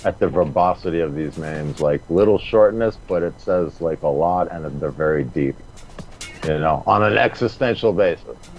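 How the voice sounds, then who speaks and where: A man co-hosts a relaxed studio chat in a fairly low voice. He rambles and stretches out his words. Faint music sits behind him. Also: highs cut off. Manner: rambling, drawn-out, laughing. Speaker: co-host.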